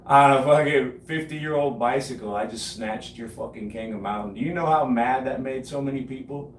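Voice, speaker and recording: Streaming from his home gym, a man in his late forties casually brags about his cycling, swearing freely and laughing at his own stories. His mid-range voice moves at normal speed, picked up by a distant mic in an echoey room with faint noise.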